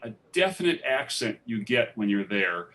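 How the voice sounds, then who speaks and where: Speaking at normal speed with big pitch swings, a man with a lowish, fairly bright voice tells stories as a documentary filmmaker in a live festival interview. He rambles enthusiastically with many restarts on a theatre stage, heard through a distant mic.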